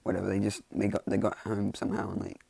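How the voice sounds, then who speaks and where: A man with a low, deeply gravelly, dark and husky voice rambles casually through a made-up fan fiction story, talking fast with a completely flat delivery. The dry sound sits close and plain with no room sound, and he keeps stopping and restarting, padding everything with "like" and "you know."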